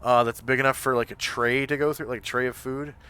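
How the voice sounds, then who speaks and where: Male game master, slow, hesitant, bright and clear voice. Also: mid-range voice, fairly even intonation. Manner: hesitant, full of fillers. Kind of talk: describing scenes in a tabletop game. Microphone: home microphone on a live stream.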